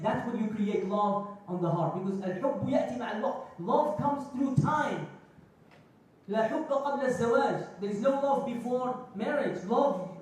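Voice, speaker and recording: A man's voice: very high voice, a little mellow. A man giving a Friday sermon in a mosque, telling stories with acted quotes and phrases. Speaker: khutba speaker. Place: mosque prayer hall. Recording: echoey hall, distant mic.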